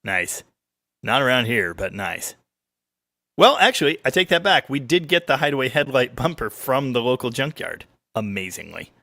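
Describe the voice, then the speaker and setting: A man's voice: mid-range voice, moderate pace, creaky, dry recording. A man hosting a weekly car livestream, chatting casually and joking as he reads out viewer comments. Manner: rambling, joking, lively ups and downs. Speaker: livestream host. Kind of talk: casual live-stream chat reading viewer comments.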